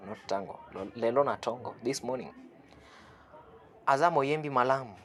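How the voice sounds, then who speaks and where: In an online language lesson, a male teacher with a slightly bright, mid-range voice works through phrases at a slow pace. Each one gets repeated and translated, with an occasional chuckle along the way.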